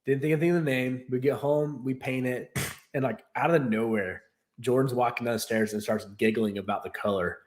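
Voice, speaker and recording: A man's voice: medium pitch, fairly even intonation, brisk, darkish tone. A man casually chatting on his livestream, rambling and laughing as he tells stories. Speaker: streamer and host. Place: new home in Texas.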